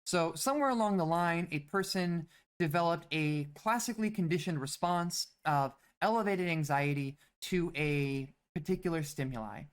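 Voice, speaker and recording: A woman's voice: on the low side, moderate pace, hardly any pauses. A woman instructor lecturing on psychology, explaining points plainly with some fillers and restarts. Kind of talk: recorded lecture.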